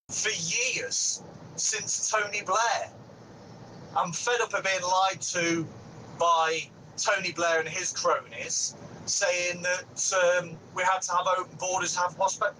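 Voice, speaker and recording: A man's voice: high voice, sharp tone, a little hiss or hum, low-quality recording. A man from Nottingham calling into a radio phone-in, exasperated as he lists complaints and stumbles over words. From Nottingham, England. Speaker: caller. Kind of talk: phone-in rant.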